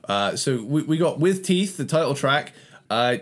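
A man's voice: medium pitch, big pitch swings. Guy cohosting a music podcast, chatty, lots of laughs and restarts. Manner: laughs often, halting restarts. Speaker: podcast co-host. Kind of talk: casual chat about albums.

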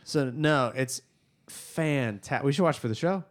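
Young male podcast host, casual and animated, smooth clean tone. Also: mid-range voice, unhurried. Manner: animated, rambling. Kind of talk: casual chat.

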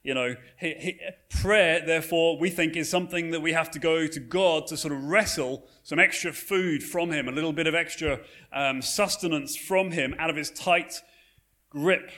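A male pastor giving a sermon, telling a story in a relaxed, conversational way. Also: fairly high pitch, moderate pace. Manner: conversational storytelling with frequent fillers and restarts.

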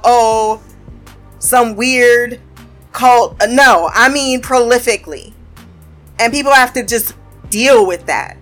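A woman with a fairly high voice recaps a TV episode in loose, casual chat. She swears freely and keeps breaking into laughter. Faint music plays behind her. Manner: profane, animated, laughs often. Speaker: show reviewer.

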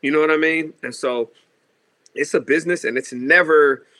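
Musician dude from seattle, bright voice, tells stories all animated, keeps saying you know what i mean. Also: male voice, fairly high pitch, normal speed. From Seattle, USA. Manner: animated storyteller, acts out quotes, says "you know what I mean" a lot. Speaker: musician guest. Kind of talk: casual interview storytelling.

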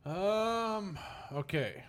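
A man co-hosting a casual group podcast, animated and playful, tossing in jokey catchphrases. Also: sits high, extremely slow. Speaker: podcast co-host.

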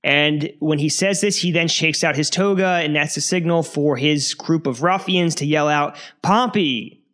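A man's voice: fairly high pitch, normal speed. Amused man narrating history. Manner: animated, laughs often, amused storytelling. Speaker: history podcast host.

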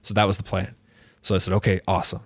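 A man's voice: sits low, completely flat delivery, quick pace, gravelly, no room sound. A young man, a soccer player, telling a personal story in casual chat, filling it with "like" and acting out what people said. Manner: rambling, heavy use of "like", acts out quoted dialogue.

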